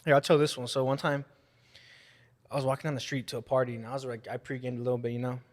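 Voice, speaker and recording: A man's voice: mid-range voice, fast. A young man telling profane party and fight stories on a podcast, acting out what people said. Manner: animated, profane storyteller acting out quotes. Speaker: guest. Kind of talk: casual podcast storytelling. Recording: long room reverb.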